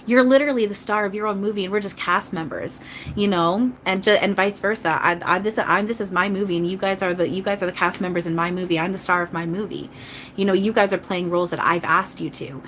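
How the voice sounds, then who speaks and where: Talking fast with a medium pitch, fairly even intonation and a fairly bright tone, a woman channeler rambles earnestly through live readings on a stream. She's chatty, restarts often and keeps apologizing to viewers. There's a little hiss or hum.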